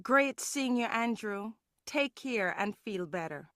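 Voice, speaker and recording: Friendly woman, Caribbean English accent, scripted textbook dialogue, slow, slightly high, dry. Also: expressive, fairly bright tone, dry recording. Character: friendly woman meeting an old acquaintance.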